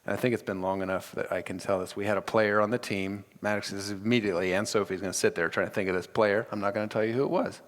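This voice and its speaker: Male pastor, animated sermon delivery acting out scenes, recorded in a church with long reverb. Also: lowish voice, fast, few pauses. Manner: animated, acts out scripture with dramatic voices. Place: church sanctuary.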